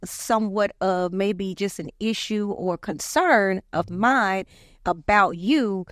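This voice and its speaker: Brief: woman, mid pitch, earnest affirming podcast co-host, dry close mic. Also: slow pace, no echo. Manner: earnest, affirming, frequent agreement sounds. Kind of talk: casual conversation.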